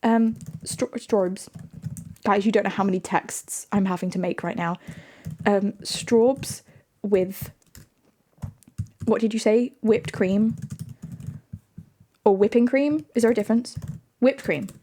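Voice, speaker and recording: A woman's voice: mid-range voice, takes it slowly, long pauses, dark tone. A woman streamer in casual livestream chat, playful, laughing often and answering her viewers.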